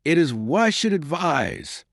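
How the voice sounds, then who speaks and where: A man voicing a calm, dignified male conspirator who speaks slowly and quietly, in an audiobook. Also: a little high, dry recording, clean studio sound, pitched above the performer's own voice. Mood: calm, measured.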